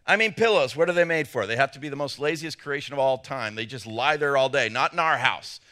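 A middle-aged man preaching a humorous sermon, animated and jokey, acting out little voices. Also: medium pitch, a little fast. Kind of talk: humorous sermon to a men's gathering.

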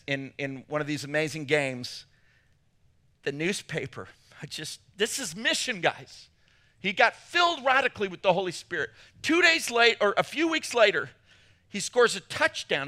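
A man preaching a sermon as pastor, telling a story with big swings between loud bursts and hushed moments. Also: on the high side.

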